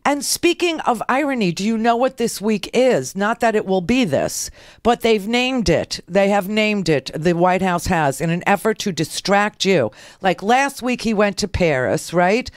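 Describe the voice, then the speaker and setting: Sarcastic middle-aged lady radio host ranting, pitch jumping all over, dry close mic. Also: lively intonation, unhurried, no echo. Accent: New York. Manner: sarcastic, mocking. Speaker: radio talk show host. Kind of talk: political talk radio monologue.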